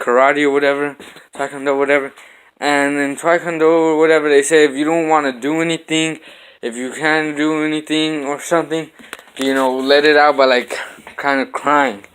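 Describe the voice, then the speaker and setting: Young male vlogger, bright voice, animated storyteller, punches out his own sound effects. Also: fairly high pitch, clean tone. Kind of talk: casual storytelling vlog. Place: home kitchen.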